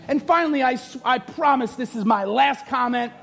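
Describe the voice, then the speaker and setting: A man preaching a sermon as pastor in a church, often shouting with humor. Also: very high-pitched, normal speed, creaky, few pauses, faint music behind.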